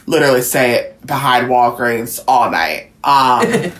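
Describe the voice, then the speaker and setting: A woman's voice: extremely low pitch, lively intonation, takes it slowly, a bit bright. A woman co-hosting a podcast, telling stories in a casual, laid-back way. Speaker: podcast co-host. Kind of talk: casual chat.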